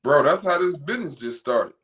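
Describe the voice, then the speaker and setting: A man in a casual chat, talking in reflective, slangy, halting sentences. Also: on the high side, animated, a bit bright.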